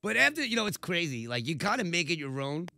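A man telling stories in a casual chat, animated and laughing, acting out quotes along the way. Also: on the high side, fast, gravelly, no room sound. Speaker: radio host and podcast guest.

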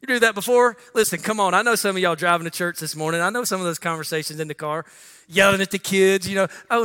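A middle-aged pastor preaching in a high, bright voice. He talks conversationally, keeps saying "listen" and acts out little quotes. His voice rings through a large church with a long reverb. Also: fast, smooth. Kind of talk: sermon. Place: church sanctuary.

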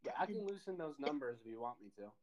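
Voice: medium pitch, sing-song, quick pace, darkish tone. A podcast co-host in casual chat with friends, teasing and playful. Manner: teasing, playful silly voices.

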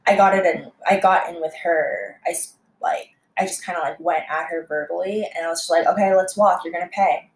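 A young woman, a restaurant server, telling a story in a casual, heated, profane way, full of fillers and sudden jumps in pitch. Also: fairly even intonation, brisk. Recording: echoey room.

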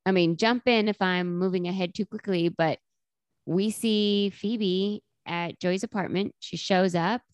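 A woman's voice: mid-range voice, steady tone, a little slow, no echo. A woman co-hosting a casual chat, recapping a sitcom episode and quoting the characters in little voices. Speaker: podcast co-host.

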